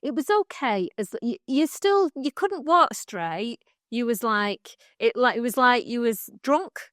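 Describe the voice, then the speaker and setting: A woman's voice: on the high side, lively intonation, unhurried, fairly bright tone, no echo, studio quality. A middle-aged woman, co-hosting a podcast and telling a long, heartfelt story in casual chat, rambling and laughing along the way. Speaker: podcast co-host.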